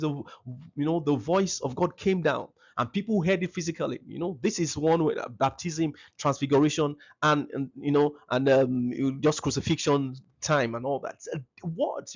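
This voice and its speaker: A man's voice: fairly high pitch, moderate pace, a little mellow, dull audio. A man giving a seminar talk to parents, emphatic and repeating his key phrases.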